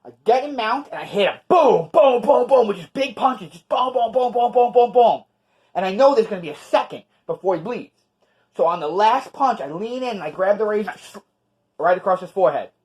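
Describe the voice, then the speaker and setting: A man with a New York accent co-hosts a casual podcast chat. His voice sits a little high, and he tells his stories in a brash, profane, lively way. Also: brisk. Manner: brash, profane, animated storytelling. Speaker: podcast co-host, wrestler.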